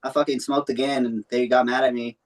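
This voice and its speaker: A man's voice: medium pitch, little pitch movement, fairly quick. A young man telling a long personal story in a loose, rambling way, full of swearing and fillers. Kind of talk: casual storytelling.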